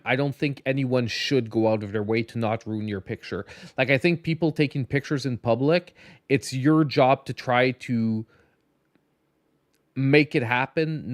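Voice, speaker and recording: A man's voice: medium pitch, a little slow, dry recording, studio quality. A tired man hosting a casual gaming podcast, rambling with many restarts and a slight lisp. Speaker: podcast host. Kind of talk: casual late-night podcast chat.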